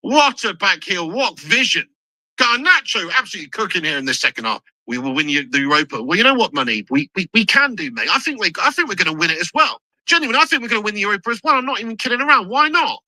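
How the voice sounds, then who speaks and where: A man giving excitable, sweary live commentary on a football match as a channel host, shouting at chances and goals. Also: high voice, quick pace, no room sound, rough recording.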